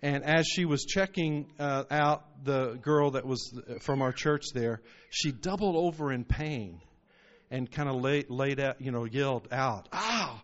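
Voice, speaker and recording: A man's voice: medium pitch, a little slow. A man preaching a sermon, telling stories and rising into emphatic bursts. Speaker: pastor. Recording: muffled lo-fi recording.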